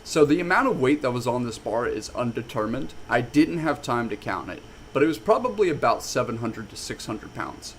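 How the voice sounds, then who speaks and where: A man telling a story casually on a stream, animated and swearing a lot. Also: mid-range voice, a little hiss or hum.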